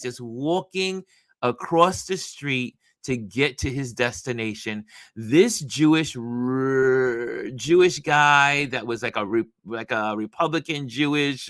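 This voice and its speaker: Man host, bright forceful voice, dry close sound, animated casual storytelling. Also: a little high, dry recording. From New York. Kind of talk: casual commentary talk.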